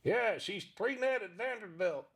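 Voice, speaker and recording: A man voicing a lecherous old male ventriloquist puppet in a high, slow, strained voice. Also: animated, a bit bright, exaggerated voice. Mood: leering.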